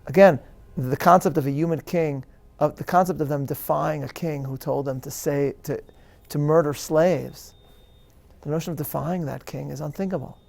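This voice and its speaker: A man, a rabbi answering questions at a live interview, speaking in an earnest, measured lecture style with emphatic stresses and frequent restarts. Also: a little high, vocal fry, a little mellow.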